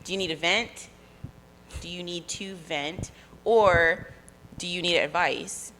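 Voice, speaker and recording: Blunt New York woman with a bright voice. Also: fairly low pitch, slow pace, rough recording. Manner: blunt, animated storyteller acting out quotes. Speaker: podcast co-host. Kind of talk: casual chat.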